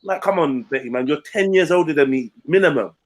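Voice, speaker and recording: A man's voice: a little high, a little fast. A man, telling a story in casual, blunt, slangy podcast chat. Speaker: podcast co-host.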